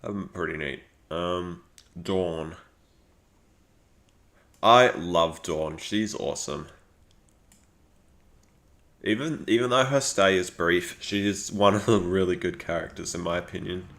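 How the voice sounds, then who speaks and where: A man talks casually on a live stream, rambling through his thoughts with plenty of fillers and false starts. His voice sits fairly low, and he speaks at an unhurried, drawn-out pace. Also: gravelly, fairly bright tone. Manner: rambling, frequent fillers and restarts.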